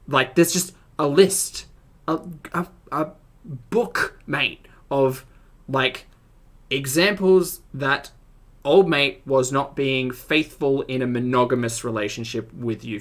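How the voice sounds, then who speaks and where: A man giving casual, exasperated reaction commentary as a streamer. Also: mid-range voice. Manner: animated, exasperated, chatty.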